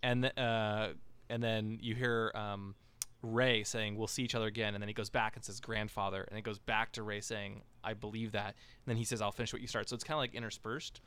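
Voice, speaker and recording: Smooth-voiced man hosting a chatty podcast. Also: on the low side, flat delivery, brisk, a bit bright. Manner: rambling, many fillers and restarts. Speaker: podcast host. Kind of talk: casual podcast discussion.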